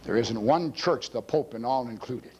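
A male pastor preaching a teaching sermon from a church pulpit, forceful and emphatic, swinging his pitch widely and often clearing his throat. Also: moderate pace, highs cut off, slight background noise.

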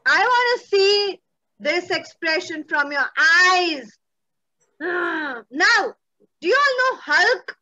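A woman's voice: extremely high pitch, lively intonation, slow, sharp tone, muffled recording. A young woman leading an online children's drama class over a video call, playful and coaxing, using endearments. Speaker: theatre workshop instructor.

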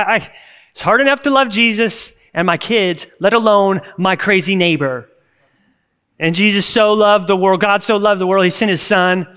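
Earnest high-voiced male pastor. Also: sharp tone. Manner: conversational, earnest, with sudden bursts of emphasis. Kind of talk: sermon. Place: church service recording.

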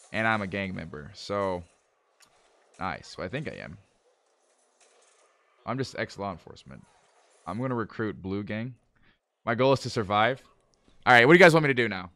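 A man chatting casually with viewers while live-streaming a game, calmly planning moves, then breaking into exasperated outbursts. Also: on the low side. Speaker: livestreamer playing a management game. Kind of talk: casual live gameplay commentary.

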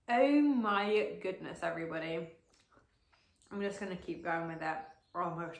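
A woman's voice: on the low side, normal speed. Gushing young woman in a roomy room. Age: late teens. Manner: gushing and excitable, many fillers. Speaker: vlogger. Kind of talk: casual to-camera vlog while eating. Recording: roomy echo.

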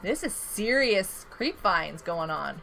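A woman's voice: mid-range voice, sing-song, slow pace, creaky, pushed and bright, slight background noise. A woman streaming a survival game, chatting playfully and giggling as she counts out her items. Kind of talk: casual gameplay chat.

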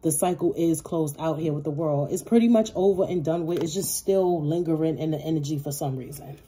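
Woman, tarot reader, low warm voice, blunt, profane, sassy, casual. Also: fairly quick, slightly rough. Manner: repetitive, talks straight to viewers.

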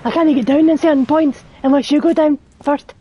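A woman's voice: sits high, fairly even intonation, a little fast, muffled recording. A woman streaming a game, talking to herself casually and swearing often at what happens on screen. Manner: swears a lot, startled exclamations. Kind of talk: casual gameplay commentary.

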